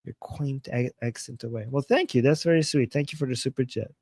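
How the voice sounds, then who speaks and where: A man's voice: medium pitch, a little fast, darkish tone, dry recording. A man hosting a casual livestream in his non-native English, reading viewer comments and often restarting his sentences earnestly. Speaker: livestream host.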